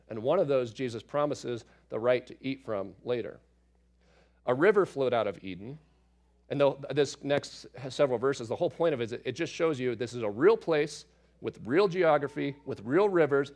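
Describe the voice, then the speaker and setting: A man, a father, teaching through a Bible passage in a relaxed, conversational way, with asides and fillers as he explains. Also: medium pitch, moderate pace. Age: adult parent.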